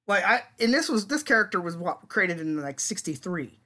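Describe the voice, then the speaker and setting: Podcast cohost around 40s, chatty, laughs a lot, mid pitch. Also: very animated, pushed and bright. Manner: chatty, laughs often, quick asides. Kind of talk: casual chat.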